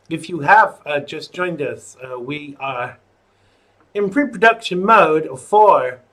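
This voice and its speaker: A man hosts his livestream in a loose, rambling way, tossing out jokes and asides to viewers. He talks at an unhurried pace, and his voice sits slightly high for a man. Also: a bit bright. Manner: rambling, jokey, chatty asides. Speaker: host of a live online talk show. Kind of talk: casual livestream chat.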